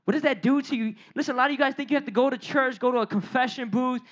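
A young male preacher with a very high voice delivers a youth sermon. He talks in a loose, slangy way and swings between hushed asides and loud outbursts. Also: rapid-fire. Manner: animated, street-casual preaching with slang. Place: church or youth gathering.

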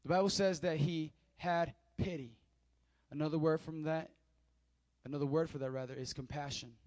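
A man's voice: on the high side, fairly even intonation, normal speed, a little mellow, no echo. A male pastor preaching a sermon, reading scripture and explaining it to his congregation, repeating key points with emphasis.

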